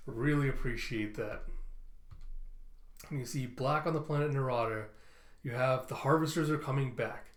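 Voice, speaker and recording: A man's voice: medium pitch, moderate pace, long pauses. A man casually reading through a comic, narrating panel by panel and making sound effects. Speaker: comic reviewer. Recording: roomy echo.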